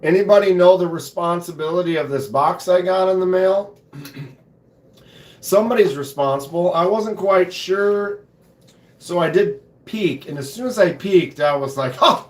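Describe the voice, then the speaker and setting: A man with a hoarse voice hosting a casual live stream from his home knife room, laid-back and chatty, often clearing his throat. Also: high-pitched, measured pace, a little mellow, roomy sound. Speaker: knife channel host.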